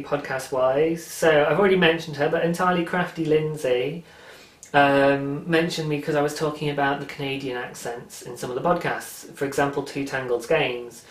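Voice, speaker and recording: A British man hosting a craft podcast in casual, enthusiastic chat, with frequent ums. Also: on the high side. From Britain. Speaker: podcast host. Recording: roomy echo.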